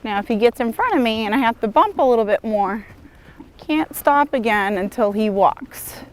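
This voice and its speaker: Calm woman horse trainer, slightly high. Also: a little fast. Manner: calm, encouraging, praises the horse often. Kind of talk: instructional demonstration. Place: outdoors at a horse arena.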